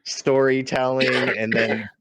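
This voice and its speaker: A man's voice: mid-range voice, flat delivery, takes it slowly, fairly bright tone, dry recording. A man in a casual wrestling review chat, talking enthusiastically. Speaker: podcast co-host.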